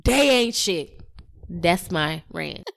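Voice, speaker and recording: A young woman on a podcast who talks loudly and with animation, laughs often, and uses emphatic slang. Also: on the low side, animated, takes it slowly, gravelly. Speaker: podcast co-host or guest. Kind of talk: casual podcast chat.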